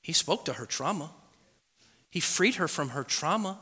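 A man's voice: sits high, sing-song, measured pace, pushed and bright, slightly rough. A man preaching a sermon as pastor in a church, building with emphatic repetition. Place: church sanctuary. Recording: echoey hall with long reverb.

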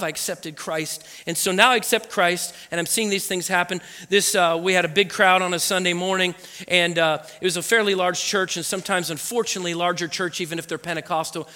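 A man preaching a personal testimony, telling the story with animated energy and acting out what people said. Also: sits high, in a large hall. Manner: animated storytelling, acts out quotes. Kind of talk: sermon testimony.

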